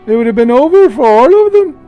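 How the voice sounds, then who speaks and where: A man chatting casually while streaming a space game, rambling and animated as he tells stories. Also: very high voice, a little fast, dull audio, faint music behind. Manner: rambling, animated storytelling with playful put-on voices. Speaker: gaming streamer. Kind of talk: casual gameplay chat.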